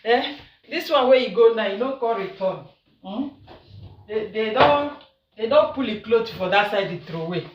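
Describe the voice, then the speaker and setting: Cooking at home, this Nigerian-accented social media commentator keeps up a casual, teasing chat full of laughter. Her voice is a little high and animated, at a moderate pace. The audio is dull, roomy and distant from the mic, with faint noise.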